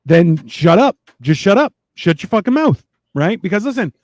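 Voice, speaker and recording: Male co-host, fairly high voice, dry close sound, blunt and profane. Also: very animated, normal speed, a little mellow, no echo. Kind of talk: casual chat.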